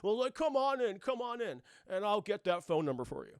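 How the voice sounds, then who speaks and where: Creepy evasive male killer, halting and hesitant, as a man puts him on. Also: high-pitched, very animated, no echo, clean studio sound.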